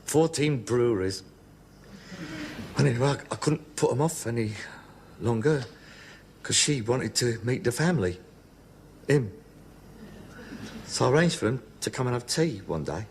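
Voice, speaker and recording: An actor playing a short-tempered, snobbish middle-aged son in a sitcom, full of theatrical outbursts. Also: male voice, medium pitch, animated, normal speed, pauses often, darkish tone, slight background noise, close to an everyday voice. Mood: wistful. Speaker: sitcom character.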